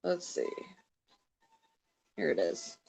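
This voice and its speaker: Soft-spoken woman chatting while crafting. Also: slow. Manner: soft, rambling, talks to herself while working. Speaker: vlogger chatting with live viewers while crafting. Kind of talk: casual live-stream chat.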